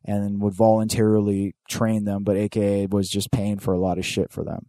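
A man's voice: on the low side, a little fast, no echo. A young man co-hosting a podcast in casual chat, swearing freely and telling stories animatedly. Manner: profane, animated storytelling with loud put-on voices. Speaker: podcast co-host.

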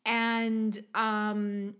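A woman's voice: medium pitch, monotone, very slow, fairly bright tone, smooth. A woman recapping a TV episode in casual chat, talking loosely with lots of "like" and frequent laughs. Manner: chatty, many filler "like"s, laughs often. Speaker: podcast co-host recapping a TV episode.

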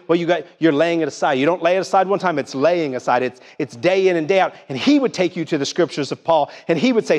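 Speaking fast with hardly any pauses, a middle-aged male pastor preaches in a high, slightly mellow voice with lively intonation, and the church sanctuary gives it a big-room sound. His sermon is emphatic call-and-response, rising and falling and packed with questions to the congregation.

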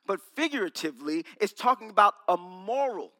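A man's voice: sits high, animated, fairly quick, bright, forceful tone, long reverb tail. A man preaching a sermon to a small congregation, playfully quizzing and teasing his listeners. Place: small room with an audience.

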